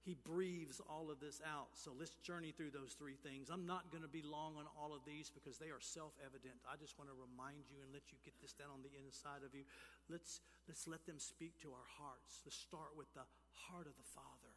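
Pastor, male, high bright voice, animated sermon delivery with loud peaks, long church-hall reverb. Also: fairly quick, slight background noise. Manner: animated preaching, swings from quiet to shouting.

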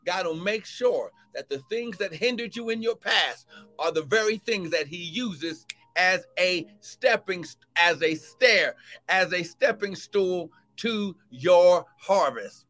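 A man preaching a live-streamed sermon, reading scripture and exhorting with shouts, repeated calls and exclamations. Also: high voice, animated, takes it slowly, faint music behind.

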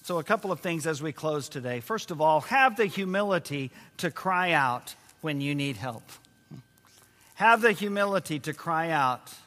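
A male pastor preaches with a fairly high, bright voice, earnest and given to repeating his key phrases. The sound is that of a church sanctuary, with a long reverb hanging after his words. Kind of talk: sermon.

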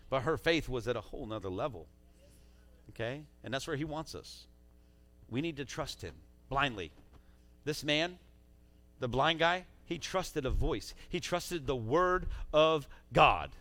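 A man preaching a sermon as pastor, swinging between loud urging and quiet asides in a church sanctuary on a stage mic. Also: medium pitch, lively intonation, unhurried.

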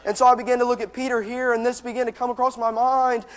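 In a big church hall with a long, echoing reverb, a man preaches to the congregation with fervent passion. His voice is strikingly high and strained, hovering on a narrow range of notes, and he talks fast with a flat delivery.

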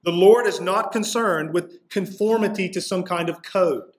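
Male pastor, expository sermon, slightly higher voice, emphatic on key lines. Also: measured pace. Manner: expository preaching, rising intensity on key points.

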